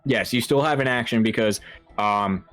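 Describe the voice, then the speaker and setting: A man running a tabletop horror game as game master, talking in a halting way with lots of fillers and restarts. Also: medium pitch, a bit bright.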